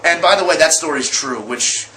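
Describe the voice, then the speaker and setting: A man's voice: a little high, moderate pace, sharp tone. A young man vlogging, telling a story to camera in a casual, rambling way full of fillers and restarts. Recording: echoey room with faint ambient noise.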